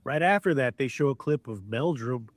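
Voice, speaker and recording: A man casually and excitedly recapping a documentary on a podcast, often quoting the people in it. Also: medium pitch, moderate pace. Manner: excited retelling, quotes people. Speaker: podcast co-host.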